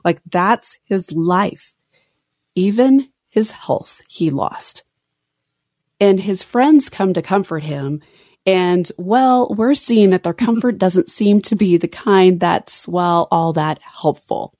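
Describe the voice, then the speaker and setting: A woman's voice: lowish voice, slow, no room sound, studio quality. A woman co-hosting a podcast, chatting casually about a Bible reading, quoting verses and breaking off mid-thought. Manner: expressive, reads scripture aloud, self-interrupting. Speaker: podcast co-host. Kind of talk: casual Bible study chat.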